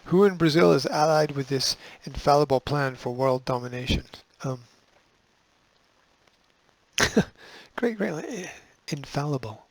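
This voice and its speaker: Gravelly man with sarcastic news asides. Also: fairly high pitch, expressive, measured pace, long pauses, no room sound, rough recording. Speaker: host. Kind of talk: reading news and commenting.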